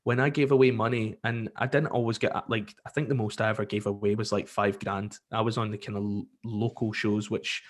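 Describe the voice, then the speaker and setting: Lively Scottish man telling radio stories. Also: lowish voice, fairly quick, few pauses. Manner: lively storyteller, acts out callers, many fillers. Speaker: radio presenter, podcast guest. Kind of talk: casual podcast interview.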